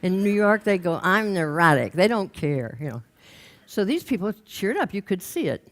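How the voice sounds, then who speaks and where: An older woman, a career coach, telling a story to an audience with humor and lively acted-out quotes. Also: medium pitch, normal speed. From United States. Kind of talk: storytelling talk.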